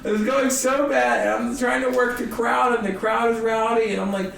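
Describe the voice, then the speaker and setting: A young man, a guest comedian, telling a story in a casual, animated way and acting out the people in it. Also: sits high, a little fast, gravelly, hardly any pauses, distant mic. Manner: animated, acts out other people's voices. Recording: roomy echo, a bit off-mic, faint hiss.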